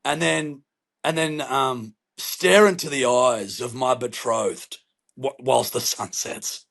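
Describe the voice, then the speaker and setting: A man's voice: mid-range voice, takes it slowly, gravelly, a bit bright. A young Australian man co-hosting a podcast, telling holiday stories in a playful, sweary way. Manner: playful, alliterative, swears often, acts out voices. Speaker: podcast co-host. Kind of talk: casual chat, storytelling.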